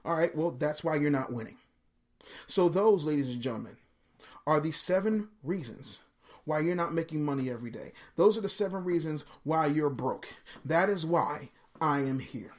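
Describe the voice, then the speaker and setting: A man's voice: on the high side, expressive, normal speed. A man hosting a live motivational podcast, preaching with emphatic, slangy talk and repeated words.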